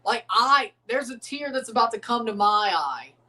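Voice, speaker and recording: A young man hosting a live football watchalong, calling goals with excitement and dropping into low mumbled asides between plays. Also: moderate pace. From United States. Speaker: livestream watchalong host. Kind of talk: live football reaction commentary.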